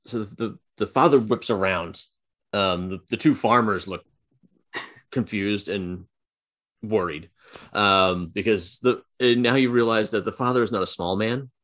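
A man narrating a tabletop game as game master, casual and halting, with many fillers. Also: on the low side, fairly bright tone.

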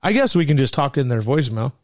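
A man's voice: mid-range voice, sing-song, fast, a little mellow, no echo, clean studio sound. A man hosting a podcast, telling crude, rambling, profane stories in casual banter. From Arizona. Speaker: podcast host.

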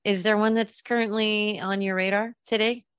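A woman's voice: mid-range voice, little pitch movement, fairly bright tone, smooth, no room sound, clean studio sound. A woman hosting a podcast in casual chat, easygoing and agreeable, asking her guest questions. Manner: easygoing, agreeable, with quick laughs. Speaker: podcast host.

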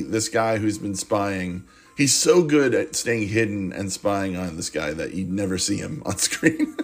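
Sarcastic husky-voiced man reviewing a movie. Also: lowish voice. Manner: sarcastic, rambling, swears casually. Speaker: podcast host reviewing a movie. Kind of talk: casual comic monologue.

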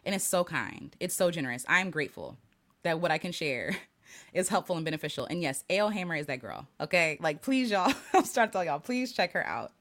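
This livestream host reads viewer comments as she goes, talking slightly quickly with a pitch that rises and falls animatedly. Her tone is warm and reflective; she laughs readily and frequently starts her sentences over.

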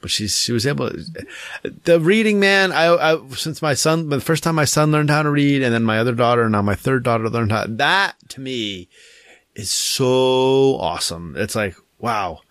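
A man's voice: mid-range voice, normal speed, no room sound, clean studio sound. A man in his thirties, a father, chatting casually and acting out his children's voices as he tells stories. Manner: animated storyteller, mimics his kids' voices. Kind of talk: casual chat.

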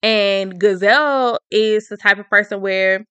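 A woman's voice: medium pitch, unhurried, few pauses, a bit bright, smooth, dry recording. A woman casually recapping a story in an emphatic, opinionated, slangy way.

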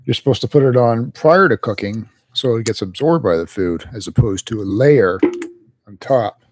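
A man in his 30s to 40s, a parent, co-hosts a casual podcast and playfully teases his partner in easygoing banter. His mid-range voice is expressive and moderately paced.

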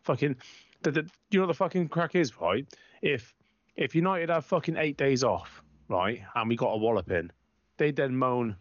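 Brief: bloke, mid-pitch, foul-mouthed football rant, dry muffled lo-fi recording. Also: male voice, fairly quick, no echo. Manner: ranting, swears constantly, blunt. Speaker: podcast co-host, football fan. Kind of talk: heated casual chat. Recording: dry, slightly muffled lo-fi sound.

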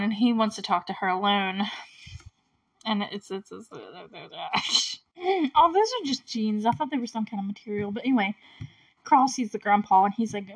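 A woman casually recapping a movie, chatty and full of "like", with small laughs and frequent throat clearing. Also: mid-range voice, lively intonation, normal speed. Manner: often clears her throat.

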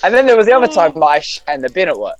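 A man's voice: high-pitched, wildly swooping pitch, very fast, crowd noise, rough recording. A young man hosting a casual podcast chat, crude and joking in his banter. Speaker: podcast host.

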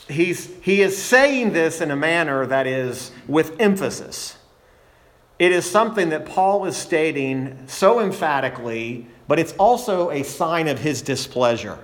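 A man's voice: on the high side, expressive, measured pace, fairly bright tone. A man preaching a sermon as pastor in a church, earnest, building emphasis and often restarting his phrases.

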